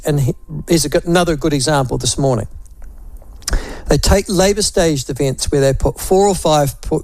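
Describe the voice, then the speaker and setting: A man's voice: on the high side, darkish tone, no room sound. A man with a New Zealand accent hosting talk radio, musing aloud in a wry, opinionated way and toying with phrases.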